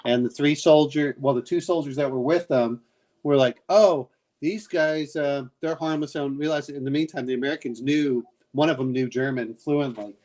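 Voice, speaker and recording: A man chatting casually and telling a long family story, halting often with fillers. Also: mid-range voice, fairly even intonation, a little mellow. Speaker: game master. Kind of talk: casual chat.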